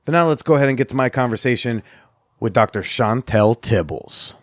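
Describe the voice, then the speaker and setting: Hoarse, chatty male podcast host. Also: mid-range voice, expressive, brisk, no room sound, studio quality. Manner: chatty, self-mocking, laughs often. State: hoarse, blown-out voice. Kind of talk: casual podcast chat.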